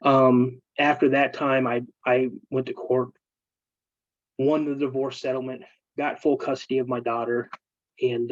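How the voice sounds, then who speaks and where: A man speaks in a medium voice, earnest and halting as he shares emotional personal stories. The audio is dull and dry, like a remote call. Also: medium pitch, no room sound. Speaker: guest, military veteran. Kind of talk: casual storytelling interview.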